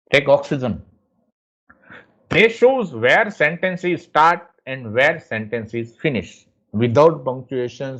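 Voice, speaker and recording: Slow, explanatory teacher. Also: male voice, medium pitch, lo-fi sound. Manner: slow, explanatory, repeats himself. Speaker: English teacher. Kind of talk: slide lecture.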